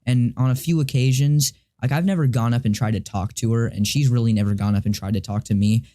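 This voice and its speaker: A teenage boy telling a personal story to camera, rambling and halting, with many restarts, fillers and casual swearing. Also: medium pitch, fairly even intonation, dark tone. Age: teens. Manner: confused and frustrated, swears casually. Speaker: vlogger.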